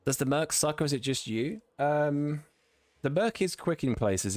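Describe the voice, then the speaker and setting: A man's voice: on the high side, lively intonation, measured pace, darkish tone, no room sound. A British man with a British English accent, chatting casually on a live stream while sim racing, reading chat aloud and laughing easily. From Britain.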